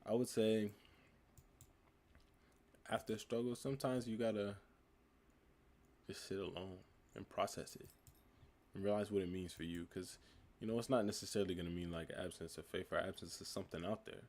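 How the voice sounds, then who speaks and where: His voice sits on the low side and moves at normal speed, broken up by long pauses. A nineteen-year-old from the United States, he hosts a livestream and relaxedly reads chat comments aloud before replying to them.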